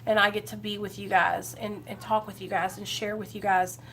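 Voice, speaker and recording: Speaking fairly quickly in a medium, rather flat pitch, this Ohio woman runs a live recovery vlog with a bit of brightness and slight background hiss or hum. She addresses viewers directly and by name, sincere and supportive in her easygoing stream talk.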